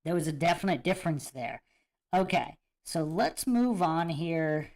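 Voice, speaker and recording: A man's voice: fairly high pitch, unhurried, vocal fry. A man hosting a livestream, chatting casually to viewers and reacting to clips with a musing, emphatic manner that repeats points. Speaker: host of a livestream commentary show.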